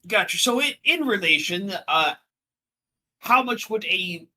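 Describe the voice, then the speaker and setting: Male player, very bright, a bit high, casual haggling drawl. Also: animated, unhurried. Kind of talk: playing a tabletop game in character.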